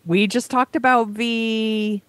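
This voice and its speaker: A woman's voice: a little high, fairly even intonation, slow pace, no echo. A woman co-hosting a podcast, chatting and reacting to the story. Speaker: podcast co-host. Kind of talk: casual chat.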